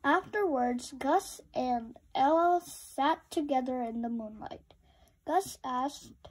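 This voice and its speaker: A woman reading a children's picture book aloud with slow, expressive storytelling. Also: sits high, slightly rough, low-quality recording.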